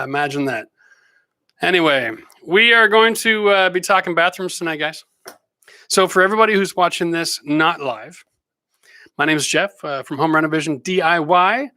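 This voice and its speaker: A man's voice: high voice, bright, forceful tone, smooth, no room sound. A middle-aged man hosting a live renovation Q&A stream, chatting casually, joking and greeting viewers by name. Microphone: close microphone.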